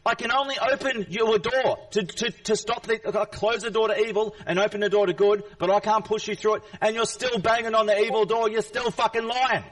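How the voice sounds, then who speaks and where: Angry high-voiced man ranting far from mic. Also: fairly even intonation, brisk, few pauses, a bit bright. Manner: confrontational, repetitive, swearing. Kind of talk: angry rant at a chat viewer.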